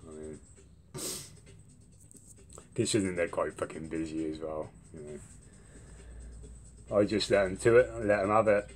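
A man's voice: sits low, unhurried, long pauses. A young man telling a rambling, swear-filled story in a casual vlog. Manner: swears a lot, rambling and animated when retelling.

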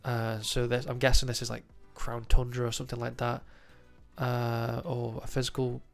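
Man, nasal from a cold, gravelly voice, chatty news host, faint music underneath. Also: medium pitch, monotone, moderate pace. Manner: chatty, lots of ums and uhs. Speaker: trading card news host. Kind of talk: casual commentary to camera.

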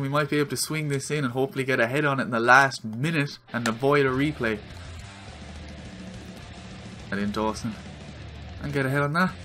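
An Irish man giving his own excitable commentary while playing a football video game, yelling at the screen during big moments. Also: mid-range voice, fast, soft background music. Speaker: gaming video creator.

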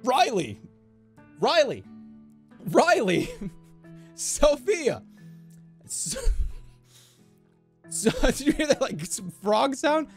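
Animated, high-voiced male streamer. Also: takes it slowly, soft background music. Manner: playful, swearing, laughing, goofy voices. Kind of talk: live-stream gameplay commentary.

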